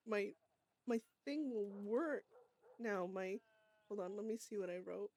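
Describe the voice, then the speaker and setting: A woman's voice: medium pitch, a little slow, darkish tone, dry recording. A woman streaming a roleplay game, chatting casually, laughing often and swearing as she reads in-game letters aloud.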